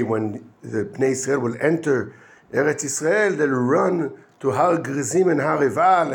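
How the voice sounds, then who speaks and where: A man, a yeshiva rabbi, giving an informal weekly Torah lesson, halting and full of restarts, mixing Hebrew terms into his English and answering his own questions. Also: fairly high pitch, vocal fry. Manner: halting, with frequent restarts and fillers.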